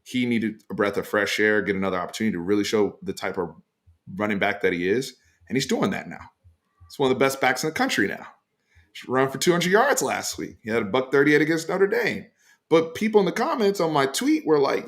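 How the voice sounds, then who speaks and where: A man hosting a casual sports talk show, giving emphatic opinions in a loose, animated way with frequent fillers. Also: medium pitch, brisk. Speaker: sports podcast host.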